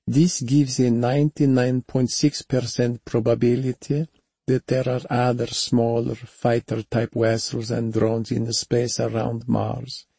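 Female starship AI, played by a male narrator, emotionless monotone, slow measured delivery. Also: mid-range voice, vocal fry, breathy edge, no echo, pitched above the performer's own voice.

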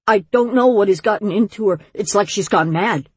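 A woman's voice: medium pitch, moderate pace, husky, dry recording. A woman voicing a battered, anxious father apologizing to his superiors. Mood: apologetic. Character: battered, nervous grown man, a father.

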